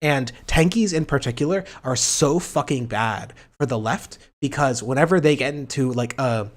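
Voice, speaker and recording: A man's voice: mid-range voice, normal speed. A man hosting a casual political livestream, rambling and sarcastic, with a profane, joking way of talking. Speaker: livestream host.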